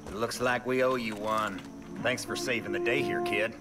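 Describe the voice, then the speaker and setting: An actor playing a gruff, profane older redneck veteran, in game audio. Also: male voice, fairly low pitch, fairly even intonation, normal speed, close to an everyday voice. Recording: game audio with loud music.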